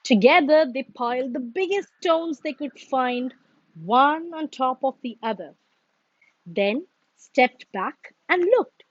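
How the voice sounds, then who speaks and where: A woman reading a children's storybook aloud in a slow, expressive, sing-song way. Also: high voice, no echo, muffled recording.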